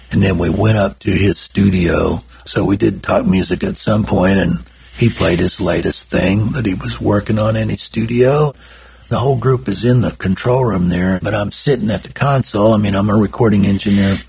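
An older man, his deep voice thick with gravel. It is husky and rough-edged. He tells his stories in a folksy, wandering way, full of asides. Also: steady tone, normal speed, a little mellow. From Oklahoma. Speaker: recording engineer and guest. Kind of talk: rambling anecdotal storytelling.

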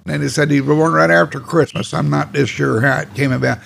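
A man's voice: fairly high pitch, fairly even intonation, fairly quick, vocal fry, a bit bright, slight background noise. A man, telling his life story in a folksy, rambling, plainspoken way. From Oklahoma. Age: 80s. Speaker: oral history interviewee. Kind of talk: casual storytelling reminiscence.

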